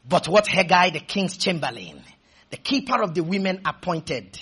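A man preaching a sermon, stretching his words out and shouting, then leading the congregation in call-and-response. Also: high-pitched, expressive, normal speed, slightly rough.

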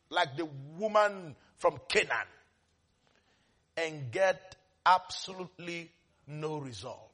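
A man preaching a sermon with lots of energy, dropping into soft asides, then rising to shouts, and laughing often as he speaks. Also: high voice, lively intonation, slow pace. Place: church service.

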